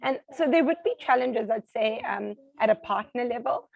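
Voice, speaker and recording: A middle-aged woman with a South African accent, an interview guest talking casually at home, animated and acting out the voices of people she quotes. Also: fairly high pitch, normal speed, vocal fry, dry recording, narrow, tinny audio.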